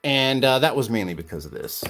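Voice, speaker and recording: A man's voice: mid-range voice, animated, brisk, fairly bright tone. A man telling a long, indignant story in a casual vlog, acting out both sides of an argument with lots of fillers and restarts. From United States. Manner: indignant, retells arguments with quoted voices, many fillers and restarts. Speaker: comic collector vlogger.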